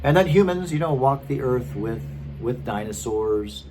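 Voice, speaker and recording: A man's voice: mid-range voice, animated, a little slow, noisy background. A man in his thirties, a former pastor, telling his story casually and rambling with many fillers. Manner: chatty and rambling, many fillers and restarts, frequent laughs.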